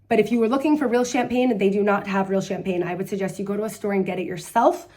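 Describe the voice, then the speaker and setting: An American woman travel vlogger gives casual advice at a rapid, chatty clip in a fairly high voice. She's blunt and sarcastic, telling stories animatedly and acting out other people's voices.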